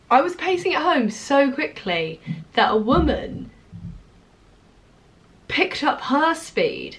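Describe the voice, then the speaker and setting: A young woman, a comedian, chatting in a casual vlog and teasing an audience with playful crowd work, laughing often. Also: a little high. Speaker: stand-up comedian and vlogger. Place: small comedy venue with an audience. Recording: echoey room, far from mic, crowd noise.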